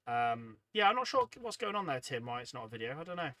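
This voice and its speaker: Tired, chatty man with a bright voice. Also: mid-range voice, big pitch swings, fast talker, no echo. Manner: chatty, rambling, self-deprecating. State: tired, yawning. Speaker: livestream host. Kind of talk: casual livestream chat reading viewer comments.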